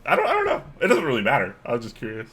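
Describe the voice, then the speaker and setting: A man co-hosting a casual livestream chat, relaxed and quick to laugh. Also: medium pitch, very noisy. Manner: relaxed, chatty, laughs easily. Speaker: co-host.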